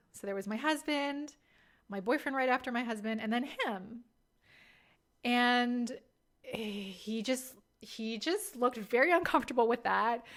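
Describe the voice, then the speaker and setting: Woman, 30s, podcast host, casual storytelling, candid, self-deprecating, laughs often, slightly high voice. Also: a bit bright.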